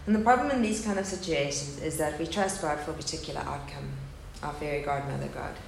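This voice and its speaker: Woman, 30s, low creaky voice, earnest testimony speaker, echoey hall with faint hum. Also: quick pace. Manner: candid and earnest, speaking of loss. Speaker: speaker at a faith gathering. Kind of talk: personal testimony talk. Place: hall with a live audience.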